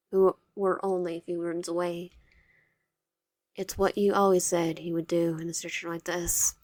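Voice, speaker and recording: A woman's voice: lowish voice, dry recording, clean studio sound. A woman reading a visual novel aloud in second person, adding wry, joking asides. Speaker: game player reading aloud.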